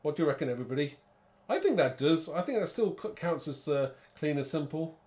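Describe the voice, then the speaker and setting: A man's voice: a little high, very animated, a little fast, a little mellow. A man hosting a live card-making demo, chatty and rambling, thinking aloud and laughing at his own muddles.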